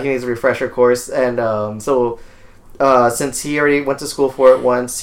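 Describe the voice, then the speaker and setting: A young man co-hosting a casual podcast, talking loosely and rambling with lots of fillers. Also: mid-range voice. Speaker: podcast co-host.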